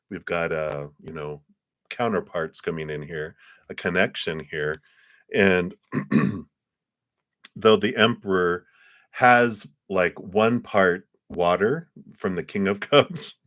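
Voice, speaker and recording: Tarot reader, male, very low voice, gentle and reassuring, keeps clearing his throat. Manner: gentle, reassuring, with soft laughs and asides. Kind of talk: live-stream tarot reading.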